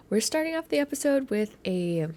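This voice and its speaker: A woman's voice: high voice, big pitch swings, a little slow, a little mellow, slight background noise. Giggly woman gaming channel host. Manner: giggly and self-deprecating. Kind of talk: casual game playthrough commentary.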